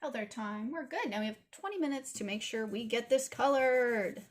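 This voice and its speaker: A woman's voice: a little high, normal speed. A woman with a Toronto Canadian accent hosting a casual drawing tutorial, chatting and apologizing in asides while she inks. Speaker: art tutorial host.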